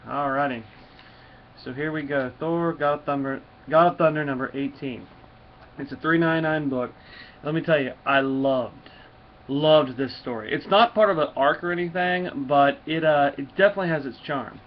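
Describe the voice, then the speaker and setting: A man's voice: a little high, normal speed. A man casually reviewing a comic book, rambling with lots of fillers, on a dull lo-fi recording with faint hiss.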